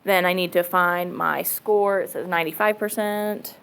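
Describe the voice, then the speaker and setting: A woman's voice: lowish voice, fairly even intonation, normal speed, vocal fry, a bit bright, a little hiss or hum, poor audio. A woman math teacher giving a casual classroom lecture, thinking aloud and checking in with students. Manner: casual, chatty, thinks aloud, says okay often.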